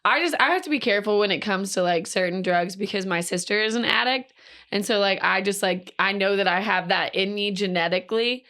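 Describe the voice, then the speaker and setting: A woman's voice: medium pitch, fairly quick, sharp tone. A young woman co-hosting a podcast, talking casually with lots of fillers and laughs. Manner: chatty, filler-heavy, laughs often. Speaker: podcast co-host. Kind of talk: casual chat.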